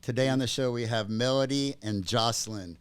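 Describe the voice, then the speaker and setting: A man's voice: medium pitch, fairly quick, clear, resonant tone, no room sound. A man hosting a podcast, opening the show casually and laughing through the welcome. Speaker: podcast host. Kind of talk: casual chat.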